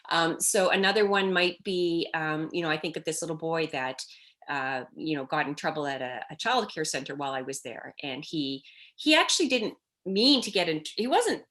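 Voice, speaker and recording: Middle-aged woman, expert guest, lively anecdotal storytelling, voices the kids in her stories. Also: low-pitched, normal speed. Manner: animated storytelling, acting out children's cries in quotes. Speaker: child development expert guest. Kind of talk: storytelling in a conversational interview.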